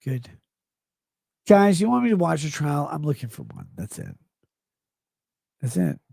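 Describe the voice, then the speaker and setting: A middle-aged man livestreaming, reading chat comments aloud in a slurred, rambling way that swings between mumbles and loud outbursts. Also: a little high, huge pitch swings, a little slow, no room sound, clean studio sound. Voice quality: gravelly. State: drunk.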